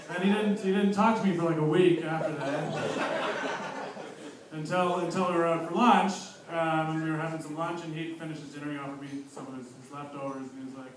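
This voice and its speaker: A man's voice: on the high side, level tone, brisk, noisy background. A man doing a stand-up comedy set on a club stage, rambling and self-mocking with plenty of fillers. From abroad, living in New Zealand a year. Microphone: handheld stage mic. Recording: roomy club sound from far off.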